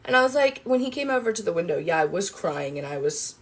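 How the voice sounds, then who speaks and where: A woman's voice: on the low side, fast talker. Rambling, swearing woman livestreamer. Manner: rambling storytelling, lively, swears freely. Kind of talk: casual livestream chat.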